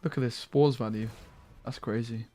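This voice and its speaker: A man's voice: medium pitch, steady tone, normal speed, warm tone, soft background music. A man streaming a card game, giving casual commentary full of jokey banter with viewers and muttered asides.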